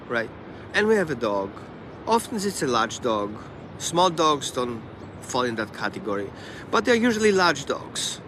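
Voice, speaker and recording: A man who trains dogs, talking casually on a live stream and acting out the dog and the owners in quick asides. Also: fairly high pitch, a bit bright, a little hiss or hum.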